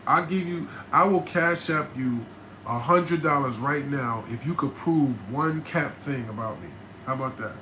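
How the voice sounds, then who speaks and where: A man hosting a casual livestream, answering viewer questions in a loose, emphatic way that bursts into loud, animated stretches. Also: mid-range voice, background noise. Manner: repeats "you know what I'm saying".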